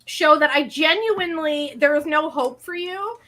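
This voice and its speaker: A woman co-hosting a casual stream from home, telling stories animatedly with quick asides and frequent laughter. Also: sits high, pushed and bright. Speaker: co-host of a colouring stream. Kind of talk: casual chat. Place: at home, dryer running nearby.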